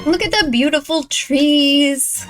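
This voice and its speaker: A woman hosts a first-time movie reaction, chatting casually and gushing excitedly until she gets worked up, then quickly apologizing. Her voice sits high over the music, with the movie's audio playing in the background.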